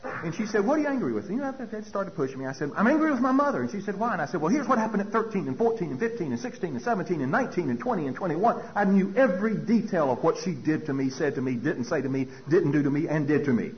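A man's voice: fairly high pitch, lively intonation, quick pace, highs cut off. A man giving a personal recovery talk at a meeting, telling his story with animation and acting out dialogue.

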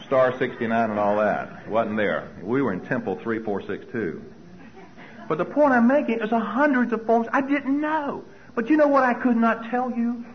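A man's voice: high voice, sing-song, moderate pace, dull audio. A man speaking to an audience, telling personal stories and acting out his own anxious thoughts. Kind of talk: storytelling talk to an audience.

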